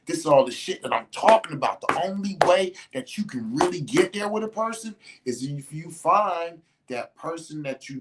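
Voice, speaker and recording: Podcast host, casual monologue; profane street slang, restless restarts, mid-pitched voice. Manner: profane, slangy, animated storytelling; restarts and repeats words often.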